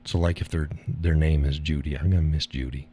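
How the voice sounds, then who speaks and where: A man's voice: rumbling low, steady tone, fairly quick, dark tone, a little hiss or hum. A middle-aged man hosting a live stream, talking bluntly with profanity and frequent laughter. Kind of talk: casual monologue. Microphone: audio call or stream mic.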